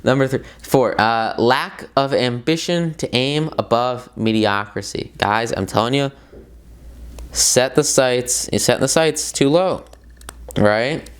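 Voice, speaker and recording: Excitable man reviewing a self-help book. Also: medium pitch, takes it slowly, smooth. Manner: excitable and emphatic, repeats words for stress, addresses viewers as "guys"; loose and rambling, with many fillers and side tangents. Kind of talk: casual motivational book commentary.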